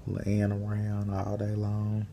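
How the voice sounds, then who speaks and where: A tired young man talking casually to his camera while lying in bed, rambling in a relaxed way. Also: fairly low pitch, slow pace, gravelly, noisy background. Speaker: vlogger. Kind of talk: casual chat.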